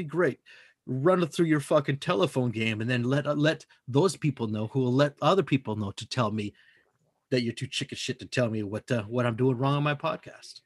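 A podcast co-host with a husky, medium-pitched voice talks at a moderate pace in a casual, emphatic, profane style, rambling from one point to the next. The recording is dry and studio quality.

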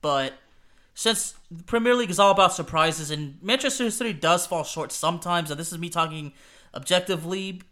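A man's voice: a little high, fairly quick, pushed and bright. A man co-hosting a casual football prediction chat, hesitant and repeating words, laughing often. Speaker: podcast co-host.

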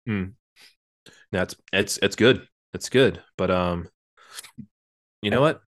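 A young podcast co-host, slightly drunk, speaks low and slow in a fairly bright tone with no echo. Tipsy from drinking, he jokes around and rambles through casual chat with plenty of fillers.

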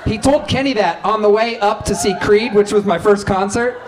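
A man telling comic stories as a guest comedian, animated and laughing as he goes. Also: sits high, moderate pace, very noisy. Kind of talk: comic storytelling.

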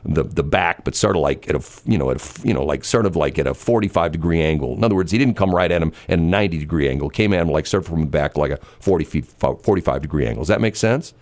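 A man's voice: extremely low pitch, lively intonation, quick pace, few pauses, a little mellow. A man hosting a casual chat, telling a long story in a rambling way with many fillers and restarts.

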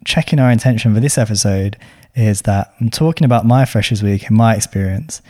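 Mellow-voiced man giving casual advice. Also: fairly low pitch, a little fast. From London. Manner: chatty, with lots of slang and fillers. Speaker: podcast host.

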